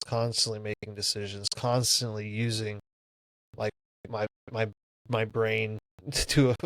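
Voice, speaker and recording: A man's voice: medium pitch, no room sound, rough recording. Laid-back podcast man, dry close sound. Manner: halting, repeats himself, frequent fillers. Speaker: podcast co-host. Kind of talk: casual chat.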